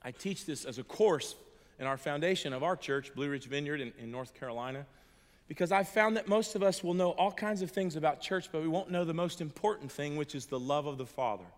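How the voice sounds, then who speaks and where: A middle-aged man, a pastor, giving a sermon built on an emotional personal testimony, moving between hushed and loud passages. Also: a little high, brisk. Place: church hall. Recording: reverberant hall.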